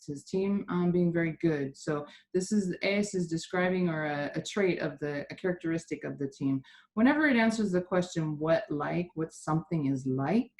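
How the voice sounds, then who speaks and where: Lady teacher on a video call, lowish voice, patient, keeps correcting pronunciation. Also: darkish tone, slight background noise. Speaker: Spanish teacher. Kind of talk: online class instruction.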